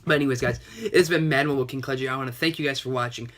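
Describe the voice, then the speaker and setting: A man's voice: mid-range voice, fairly even intonation, racing, fairly bright tone, slight background noise. A young man, a gaming YouTuber, casually and sarcastically retelling a chat with a scammer, slightly sick and sniffling. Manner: chatty, retelling a chat with lots of "and he's like". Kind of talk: casual gaming vlog commentary.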